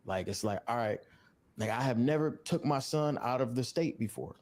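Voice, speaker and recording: A man's voice: medium pitch, expressive, normal speed, a little mellow. A man with a mid-range voice talks candidly in an interview. He is frustrated and blunt, swears freely and circles back over the same phrases as he vents.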